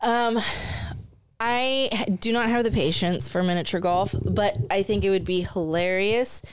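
A woman's voice: mid-range voice, unhurried, smooth, no room sound. A woman co-hosting a casual podcast, telling a story in a sarcastic, laughing way. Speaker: podcast co-host.

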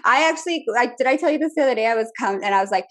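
A woman's voice: animated, rapid-fire, a bit bright. A woman in her thirties co-hosting a casual podcast, playful and laughing, mimicking others in a mocking voice. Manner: playful, laughing, acts out quotes in a mocking high voice. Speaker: podcast co-host. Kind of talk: casual chat.

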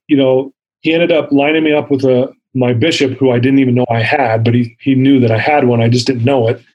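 A man's voice: mid-range voice, darkish tone, poor audio. A man in his fifties sharing his personal story as an interview guest, earnest and vivid, acting out the dialogue he quotes.

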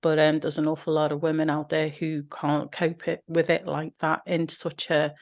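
A woman appearing as a podcast guest, speaking in a slightly low voice. She chats in a relaxed, easygoing way and drifts naturally into anecdotes. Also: normal speed. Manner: chatty, relaxed anecdotal storyteller. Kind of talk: casual conversation.

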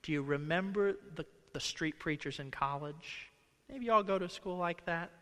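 A man's voice: on the high side, normal speed, sharp tone, in a large hall. A man preaching a conversational sermon as pastor in a church, slipping into quoted voices. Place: church sanctuary.

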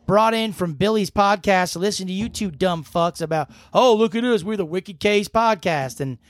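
A man's voice: high voice, normal speed, no echo, studio quality, pitched above the performer's own voice, lightly acted. A man putting on an angry Southern caller who insults the hosts. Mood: insulting. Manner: gruff, insulting.

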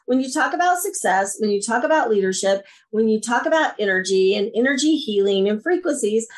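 A middle-aged woman, guest on a podcast, chats casually and tells her stories with energy. Her voice sits a little high and she swings it up and down as she quotes people. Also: a little fast. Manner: animated storyteller, acts out quoted voices. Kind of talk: casual interview chat.

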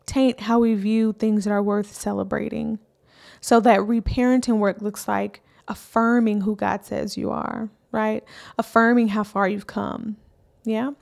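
A woman's voice: a little high, darkish tone. A woman in her thirties, a healing coach, giving a casual, encouraging motivational talk and often checking in with "right?".

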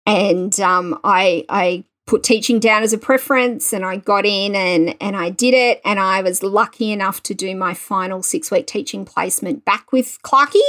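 Casting note: woman in her forties, warm anecdotal storyteller, dry self-mocking wit. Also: mid-range voice, normal speed, few pauses. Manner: lively anecdotal, self-deprecating humor. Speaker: guest teacher educator. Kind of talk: conversational storytelling.

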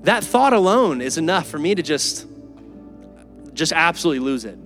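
A pastor preaching an earnest, emphatic and conversational sermon in a church. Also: male voice, fairly high pitch, very animated, moderate pace, a bit bright, soft background music. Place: church sanctuary.

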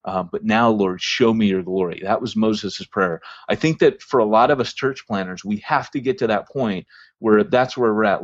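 Low-voiced man telling a story, dull lo-fi. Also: lively intonation, measured pace, no echo. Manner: rambling, many ums and restarts. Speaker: podcast host. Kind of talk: storytelling in a casual podcast chat. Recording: dry, dull lo-fi sound.

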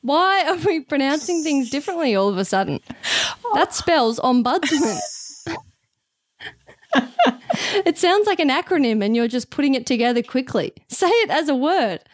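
A woman's voice: high voice, big pitch swings, dry recording, studio quality. A woman co-hosting a podcast, chatting casually and teasing her co-host with jokes and laughter. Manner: teasing, joking, quick to laugh. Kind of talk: casual chat.

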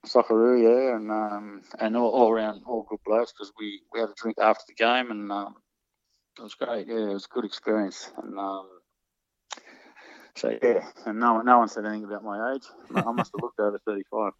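A man reminiscing about his football days in a casual interview, halting often with ums and false starts. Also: on the low side, little pitch movement, no echo. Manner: hesitant, many ums and restarts. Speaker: interviewee, former soccer player. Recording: dull, muffled recording.

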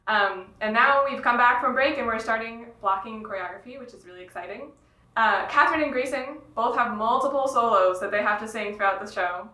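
An upbeat woman choral director speaks in a slightly high voice and laughs easily. Her tone is bright. She sits a little away from the mic in an echoey room. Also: brisk, recorded from a distance. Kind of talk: podcast interview.

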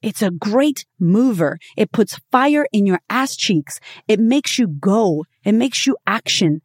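A woman's voice: mid-range voice, animated, slightly rough, dry recording. Woman podcast host, cussing motivational pep talk, lots of rhetorical questions, dry close sound. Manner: blunt and profane, with frequent rhetorical questions; emphatic, swinging between punchy and drawn-out phrases.

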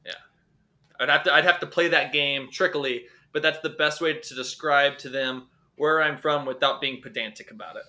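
A man from North Carolina co-hosts a casual podcast, dropping dry, deadpan jokes. His voice is bright and a bit higher than most. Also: moderate pace. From North Carolina, USA. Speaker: podcast co-host.

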